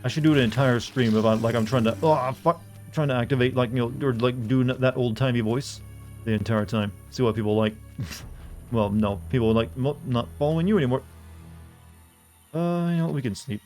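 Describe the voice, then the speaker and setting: A man's voice: mid-range voice, fairly quick, darkish tone, soft background music. A man streaming a game, chatting casually and rambling with frequent restarts and asides. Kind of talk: casual gameplay commentary.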